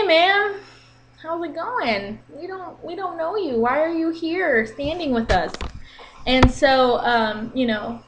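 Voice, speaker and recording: A woman in her twenties telling an exasperated story in a casual vlog rant, animated and talking with her hands. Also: high voice. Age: 20s. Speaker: vlogger.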